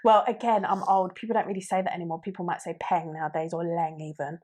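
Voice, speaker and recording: A woman's voice: fairly low pitch, steady tone, fast, a little mellow. A woman in her thirties from Britain, co-hosting a podcast in casual chat and explaining slang with playful acted-out examples. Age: 30s. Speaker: podcast co-host.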